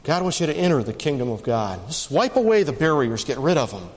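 A man preaching a sermon as pastor, swinging between fast punchy lines and slow emphatic ones. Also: big pitch swings, in a large hall. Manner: dramatic rises and drops in pitch and pace.

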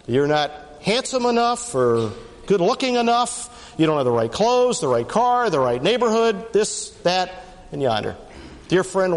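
A man preaching a sermon as pastor, swinging between fast punchy lines and slow emphatic ones. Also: in a large hall. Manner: dramatic rises and drops in pitch and pace.

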